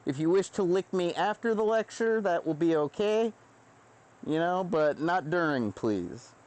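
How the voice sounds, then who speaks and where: A man's voice: sits high, expressive, unhurried, darkish tone. A man voicing a silly, cheeky male professor addressing a class in a mock-formal lecturing manner. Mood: mock-stern.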